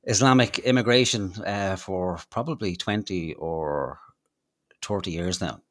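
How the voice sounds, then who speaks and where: Deep-voiced man chatting casually. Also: unhurried, a bit bright, no room sound. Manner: laid-back, profane, rambling. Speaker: podcast co-host. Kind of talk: casual live-stream chat.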